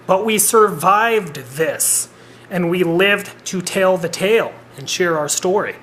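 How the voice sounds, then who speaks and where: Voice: medium pitch, slow, fairly bright tone, slight background noise. A vlogger in their thirties talking straight to a home camera in an earnest, rambling way, with blunt swearing. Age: 30s. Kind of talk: personal vlog monologue.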